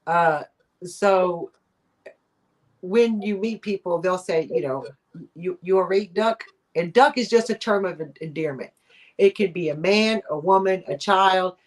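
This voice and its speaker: A woman's voice: fairly low pitch, unhurried. Chatty rambling woman hosting a stream. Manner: rambling, chatty, lots of fillers and laughter. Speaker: host of a live chat show. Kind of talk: casual live-stream chat, reading comments.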